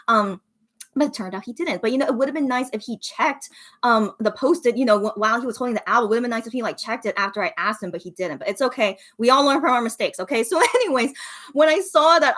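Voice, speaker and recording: High-voiced woman telling a fan story. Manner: animated, filler-heavy, frequent 'you know' and 'okay'. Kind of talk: casual storytelling chat.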